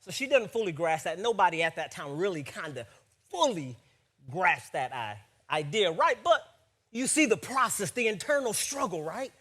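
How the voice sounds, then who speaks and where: Male pastor delivering a sermon, high voice with wide swings, animated, keeps asking the room to agree. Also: normal speed. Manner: animated, keeps checking in with the audience with "right?".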